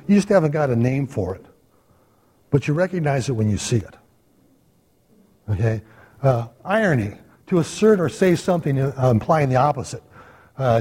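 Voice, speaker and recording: Bible study guy talking to the class, warm low-key voice, lots of hall echo. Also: husky. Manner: conversational, checks in with "okay?". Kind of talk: church Bible study lecture. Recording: long hall reverb.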